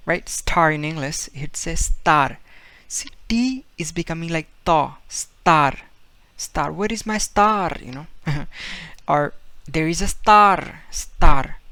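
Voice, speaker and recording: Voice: medium pitch, a bit bright, no room sound. Patient, repetitive language teacher, dry sound. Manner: patient, repeats words many times to demonstrate sounds; loose, with frequent fillers and restarts. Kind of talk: casual explanatory video lesson.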